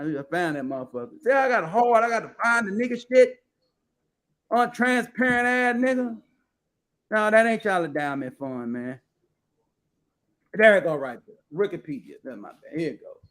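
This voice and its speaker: A man with a high-pitched voice hosts casual live commentary, talking bluntly and swearing freely. He rambles along as he reads numbers and definitions aloud from his screen. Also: normal speed, a bit bright. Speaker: host.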